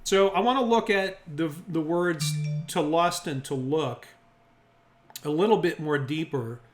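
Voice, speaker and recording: A man's voice: fairly high pitch, a little slow, soft background music. A man teaching a Bible study group, reasoning through the text aloud and often checking that the group is following. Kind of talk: interactive Bible lesson. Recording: echoey room.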